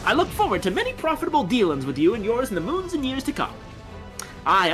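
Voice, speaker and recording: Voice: mid-range voice, pitched above the performer's own voice, close to an everyday voice. A streamer voicing an older, boastful male merchant in a video game, jolly and theatrical.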